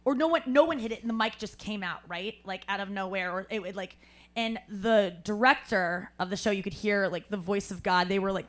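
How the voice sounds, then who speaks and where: A woman hosting a live podcast, telling an animated story and acting out other people's lines, laughing often. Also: mid-range voice, a little fast. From St. Louis. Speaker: podcast host. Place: live show at a cafe.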